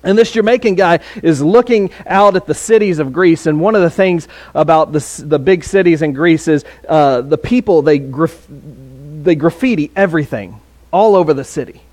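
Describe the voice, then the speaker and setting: Guy with a high voice giving a chatty sermon, lots of uhs and restarts. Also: moderate pace, darkish tone. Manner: conversational, with fillers and restarts. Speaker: preacher.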